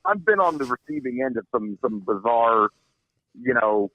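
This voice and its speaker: A man's voice: mid-range voice, lively intonation, normal speed, no echo, narrow, tinny audio. A man co-hosting a podcast, chatting hesitantly with repeated words. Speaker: podcast co-host. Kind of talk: casual banter.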